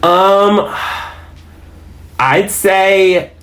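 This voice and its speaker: A man's voice: high voice, extremely slow, fairly bright tone. A man and dungeon master chatting as a podcast guest, telling stories in a rambling, self-amused way. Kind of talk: casual chat.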